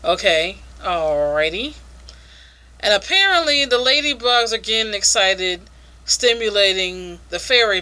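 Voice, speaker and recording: A woman's voice: on the high side, sharp tone. A woman casually reviewing an adult comic, frank and crude, laughing often.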